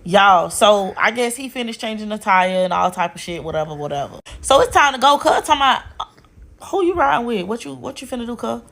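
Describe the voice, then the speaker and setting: This woman tells her story in a blunt, profane, exasperated way. Her voice sits a little high, and she talks casually, as if venting to friends. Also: animated, a little fast, gravelly, a bit bright. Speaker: storyteller sharing a relationship story.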